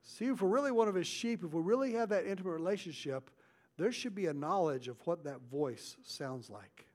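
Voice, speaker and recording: A man preaching a sermon as pastor, his delivery swinging between loud stresses and hushed, intimate asides. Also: sits high, animated, a little fast.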